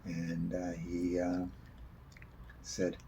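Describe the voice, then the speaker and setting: A man's voice: low voice, monotone, very slow, dark tone, slight background noise. A man telling a long, rambling personal story in a casual spoken way, swearing freely.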